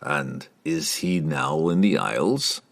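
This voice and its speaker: A man's voice: a bass voice, expressive, slow pace, creaky, full character voice. A man reading the part of a scheming guildmaster who speaks slyly and coldly, with clipped, menacing lines. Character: scheming male guildmaster, cold and possessive.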